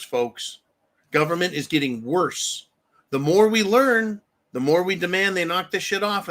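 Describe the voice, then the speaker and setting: A man's voice: on the high side, fairly bright tone. A man hosting a political commentary show, ranting angrily and emphatically, with frequent profanity. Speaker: host.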